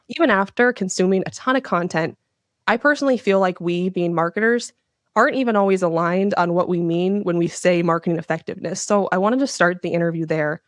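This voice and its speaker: A woman's voice: on the low side, dry recording. A woman hosting a marketing podcast, reading a polished intro and asking questions. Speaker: podcast host. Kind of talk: scripted podcast host intro and interview.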